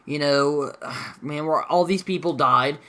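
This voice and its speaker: A man's voice: on the high side, takes it slowly, fairly bright tone. A young man giving a casual, rambling review of a TV episode, full of fillers and mild swearing. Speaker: show reviewer.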